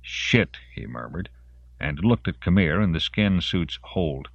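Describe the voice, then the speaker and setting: A man narrating an audiobook in a very deep voice that moves expressively through a wide range of pitch. The recording is dry and a little dull, without much room sound. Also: expressive, measured pace, gravelly, no room sound. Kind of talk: scripted narration.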